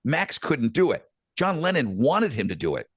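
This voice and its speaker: Middle-aged male podcast host, lively pitch, dry close sound, rambling casual storytelling. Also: normal speed, slightly rough, dry recording. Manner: rambling, animated anecdotes with many fillers.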